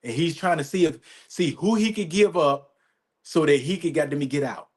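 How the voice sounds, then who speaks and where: A podcast host ranting in an emphatic, profane, repetitive way, often asking "you know what I'm saying". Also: male voice, fairly high pitch, moderate pace, breathy edge. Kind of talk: profane commentary rant.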